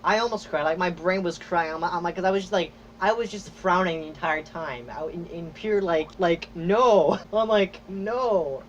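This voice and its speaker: Rambling excited young man, lo-fi. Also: sits high, normal speed, hardly any pauses. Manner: excited, rambling with many fillers and acted-out reactions. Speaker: podcast host. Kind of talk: casual chat. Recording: dull lo-fi audio with faint noise.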